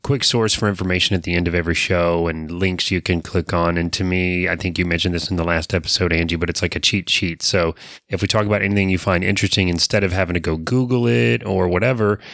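A man's voice: sits low, steady tone, quick pace, vocal fry, a bit bright, no echo, studio quality. A man co-hosting a casual podcast, talkative and self-deprecating, with frequent fillers and restarts. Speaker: podcast co-host.

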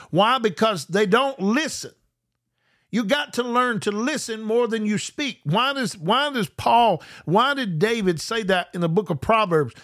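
A man preaching a live-streamed sermon, reading scripture slowly with emphasis and often repeating himself as he restarts sentences. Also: high-pitched, a bit bright. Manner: slows down to read scripture with emphasis.

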